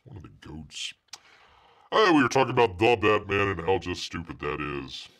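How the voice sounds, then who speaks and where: A man's voice: low-pitched, animated, moderate pace, a bit bright. A man hosting a live stream, chatting casually, joking and rambling, and speaking of himself in the third person. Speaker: livestream host.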